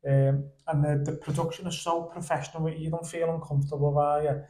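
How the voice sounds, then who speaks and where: A young man on a podcast, telling stories in a lively, animated way and laughing along as he goes. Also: fairly high pitch, brisk, reverberant. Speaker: podcast guest. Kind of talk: casual storytelling chat. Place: indoor podcast studio.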